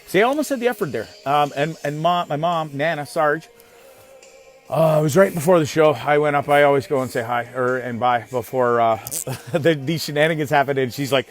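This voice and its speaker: A man hosting a casual live stream, rambling excitedly and greeting viewers by name. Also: a little high, a little fast, soft background music. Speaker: host of a live online show.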